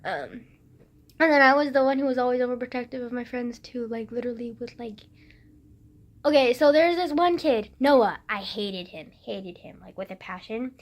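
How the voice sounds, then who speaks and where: A woman's voice: a little high, normal speed. A woman vlogging, telling stories in a rambling, giggly way, full of "like" and fillers. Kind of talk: casual storytelling to camera.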